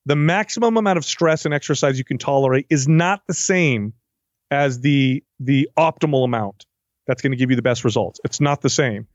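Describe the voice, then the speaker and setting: A man's voice: medium pitch, moderate pace, dry recording, highs cut off. A man, a fitness trainer, talking casually in an interview and acting out what his clients say. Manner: animated, acts out client quotes.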